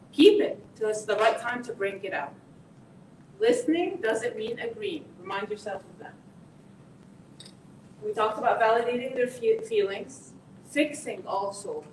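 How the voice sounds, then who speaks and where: Woman giving a lively parenting talk. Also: a little high. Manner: lively, acts out parent and teen voices, repeats "okay?". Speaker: parenting workshop speaker. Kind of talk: parenting lesson to an audience. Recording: echoey room, voice from a distance, faint noise.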